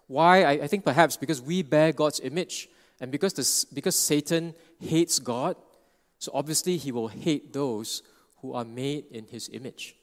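A man's voice: a little high, moderate pace, in a large hall. A man preaching an expository sermon, earnest and explanatory, often restarting phrases and checking in with "right?".

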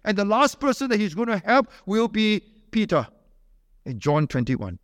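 A man's voice: big pitch swings, moderate pace, clean studio sound. Emphatic man preaching in a hall. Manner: emphatic, swings between loud high urging and low quiet pleading. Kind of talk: sermon. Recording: long hall reverb.

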